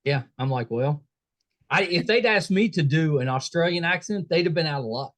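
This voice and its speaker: A woman's voice: low-pitched, animated, moderate pace. A woman with a Southern American accent hosting a podcast interview, asking curious follow-up questions. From Southern United States. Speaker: podcast host. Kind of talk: casual interview.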